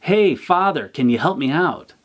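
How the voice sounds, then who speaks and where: A man's voice: medium pitch, moderate pace, a bit bright, natural voice. A man reading a devotional puts on the voice of a desperate man stuck down a hole, calling up pleadingly for help.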